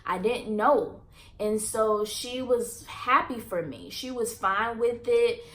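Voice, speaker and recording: A woman's voice: on the high side, slow, a bit bright. A young woman vlogger earnestly telling a personal story to her viewers and addressing them as y'all.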